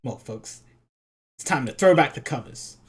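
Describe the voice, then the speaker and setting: A woman's voice: a bass voice, lively intonation, normal speed, darkish tone, a little hiss or hum. A woman voicing a smug, cool young male prosecutor with a drawling delivery.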